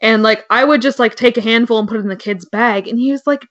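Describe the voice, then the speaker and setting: A woman with a fairly high voice tells easygoing stories on a podcast, filling her talk with "like." The recording sounds slightly dull and lo-fi. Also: quick pace. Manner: chatty storyteller, heavy use of "like". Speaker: podcast co-host. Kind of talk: casual chat.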